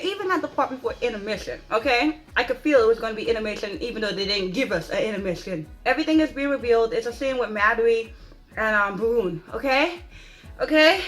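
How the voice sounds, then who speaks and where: A woman giving an excited, dramatic spoken movie review, stressing points with repeated rhetorical questions. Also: fairly high pitch. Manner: dramatic, emphatic, repeats "okay?" for emphasis.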